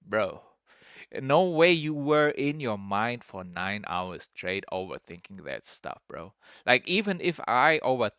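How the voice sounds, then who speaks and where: A man's voice: mid-range voice, bright, forceful tone, dry recording, clean studio sound. A young man giving casual, rambling commentary as a streamer reacting to a clip, restarting his sentences often and calling everyone "bro". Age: young adult.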